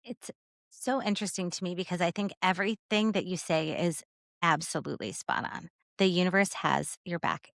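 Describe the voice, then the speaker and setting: A woman's voice: on the low side, moderate pace, creaky, a bit bright, no room sound, clean studio sound. A woman hosting a podcast, agreeing with her guest and reflecting on her own story. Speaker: podcast host. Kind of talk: casual podcast conversation.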